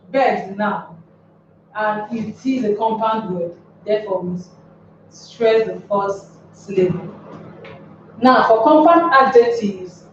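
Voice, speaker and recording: Slow, echoey woman teaching stress rules. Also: medium pitch, slight background noise. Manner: spells words out and asks rhetorical questions. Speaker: English teacher. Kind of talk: classroom lecture on word stress. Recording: distant, echoey, dull lo-fi room sound.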